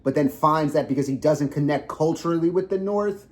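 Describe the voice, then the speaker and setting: A man's voice: on the high side, a little fast, a little mellow. A young man co-hosting a podcast, rambling in casual chat with heavy swearing and lots of fillers. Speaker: podcast co-host.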